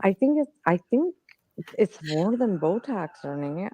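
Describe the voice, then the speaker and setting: A woman's voice: medium pitch, very animated, a little slow, warm tone, slight background noise. A woman in her forties gossiping on a livestream panel with catty, sarcastic, profane remarks. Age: 40s. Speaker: panel guest.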